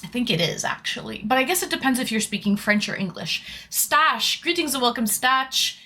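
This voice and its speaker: Young adult woman streamer with a bright voice, casual and rambling, greets viewers by name. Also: on the high side, animated, normal speed. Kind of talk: casual live-stream chat.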